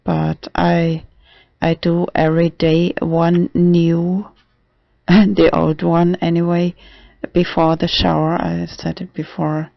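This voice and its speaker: A trans man talking haltingly in a casual video diary, with many restarts and fillers. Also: fairly high pitch, monotone, gravelly, no echo. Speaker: vlogger. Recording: dull dry lo-fi recording.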